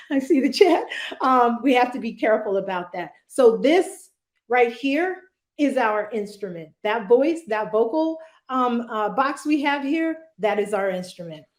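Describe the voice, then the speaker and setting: A woman's voice: a little high, a little mellow. Woman presenting a speaking workshop, echoey. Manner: conversational, with frequent fillers and "right?" check-ins.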